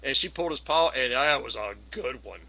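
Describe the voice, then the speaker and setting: A middle-aged man telling a long, animated anecdote on a video call, slipping into the voices of the people in it. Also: mid-range voice, fairly quick, gravelly, low-quality recording. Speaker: community gathering participant. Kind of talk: casual storytelling.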